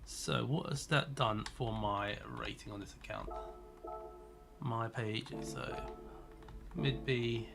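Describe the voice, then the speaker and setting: A man's voice: mid-range voice, takes it slowly, gravelly, pauses often, over music. A man live-streaming a racing game, chatting casually and teasing viewers as he answers their messages. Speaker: gaming streamer.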